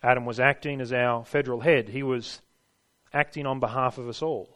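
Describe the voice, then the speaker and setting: Male preacher, mid-pitched voice, deliberate and emphatic, builds rhythm through repetition. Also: fairly even intonation, fairly bright tone. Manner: measured, emphatic, repeats phrases for rhythm. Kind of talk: sermon.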